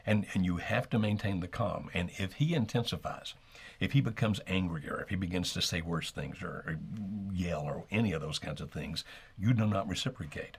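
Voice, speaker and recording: A man co-hosting a live call-in marriage advice show, calmly explaining what to do and acting out sample lines. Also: low voice, fairly quick, gravelly, husky. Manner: calm, explanatory, acts out sample dialogue. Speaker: marriage coach co-host.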